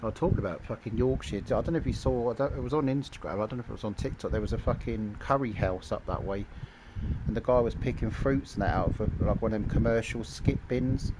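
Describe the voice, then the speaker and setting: A man's voice: mid-range voice, fast. A man ranting bluntly and crudely, swearing while he plays an online game. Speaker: gaming channel host. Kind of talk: casual commentary while playing. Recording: loud game noise behind the voice.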